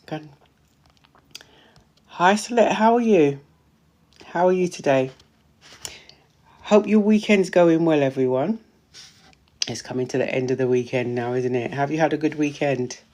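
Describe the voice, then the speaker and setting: A woman host, a menopause wellness practitioner, chatting casually on a live stream, greeting viewers by name, repeating herself, her voice starting to go hoarse. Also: low voice, measured pace, long pauses, mellow. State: voice going hoarse.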